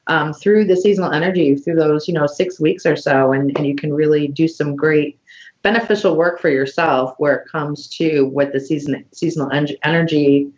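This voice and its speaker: Over a lo-fi video call, a podcast host with a deep voice leads a relaxed online chat. She works through a list of items slowly, peppering it with fillers.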